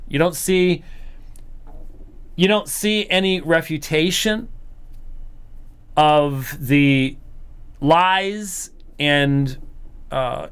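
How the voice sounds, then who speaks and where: A man hosts a commentary program with a smooth, resonant voice pitched a little high. He talks casually and animatedly, slipping into mimicking voices in the middle of his sentences. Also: fairly bright tone. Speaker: host of apologetics program.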